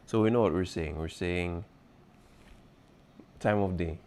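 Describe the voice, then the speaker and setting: Deep-voiced man teaching a language class. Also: a little slow, darkish tone, smooth. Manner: patient, repeats key points, checks in with "okay?". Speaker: Spanish teacher. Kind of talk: exam review lesson.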